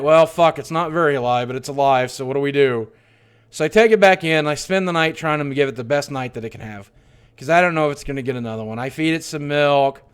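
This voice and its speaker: A man's voice: medium pitch, clean tone. Profane man telling a grim story. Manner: profane, confessional, swings from hushed to loud. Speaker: streamer. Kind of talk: personal storytelling on a livestream.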